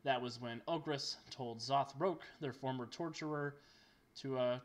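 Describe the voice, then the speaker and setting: A man narrating as game master in a tabletop game, lively and joking. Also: mid-range voice, measured pace. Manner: animated and joking.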